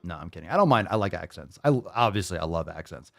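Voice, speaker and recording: Man, podcast host, sarcastic, profane, lively swinging pitch. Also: fast, gravelly, no echo, clean studio sound. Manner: sarcastic and profane, with mocking asides. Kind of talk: reaction commentary.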